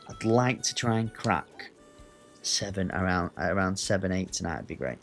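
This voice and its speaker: Soft music plays behind a man whose low voice is a bit bright and moves at normal speed. Hailing from Northwest England, he streams a racing game, chatting easily, cursing and trading banter with viewers.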